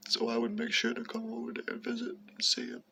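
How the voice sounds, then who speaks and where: A man's voice: extremely high pitch, fast talker, creaky, slight background noise. A man telling a rambling personal story in a casual, profane way, sometimes breaking off to talk to his cat. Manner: profane, meandering, animated, talks aside to his cat.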